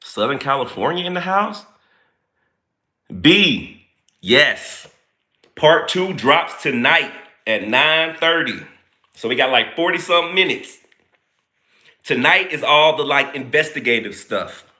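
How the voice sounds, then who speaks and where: A man hosts a casual livestream with a very bright, forceful voice. His pitch swings lively as he greets viewers one by one. He talks in a playful, chatty, informal way. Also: measured pace, pauses often. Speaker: livestream host greeting chat.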